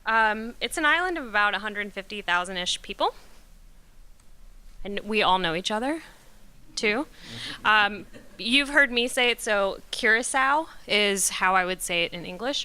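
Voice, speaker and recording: A woman's voice: mid-range voice, bright, forceful tone, clear, resonant tone. A young woman from Curaçao giving a casual, self-deprecating slide talk, chatty and full of ums and asides. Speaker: presenter at a company talk.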